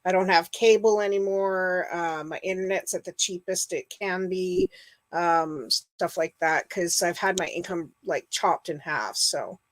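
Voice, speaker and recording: Here a middle-aged woman runs a casual livestream, talking with viewers in a chatty, rambling way packed with fillers and calling them by name. Her voice sits on the low side and she takes her time.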